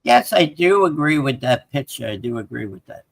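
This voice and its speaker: A man calling into a sports show, rambling and hesitant, with a gravelly fry in his voice. The sound is dry, over a video call. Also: mid-range voice, very animated, normal speed, no room sound, rough recording. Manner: rambling, hesitant, full of fillers. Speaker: caller. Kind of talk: casual call-in chat.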